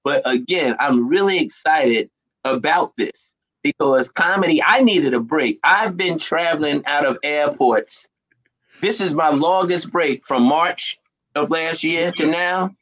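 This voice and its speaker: A man's voice: fairly high pitch, a little slow, rough recording. A man, a comedian guest, telling stories in casual chat with street slang. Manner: animated storyteller, street slang.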